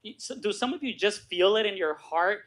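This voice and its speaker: A middle-aged guest speaker gives a motivational talk to an audience in a meeting room, telling his own story with animated, acted-out voices. He keeps asking "right?" over and over. His voice is high-pitched and a little fast.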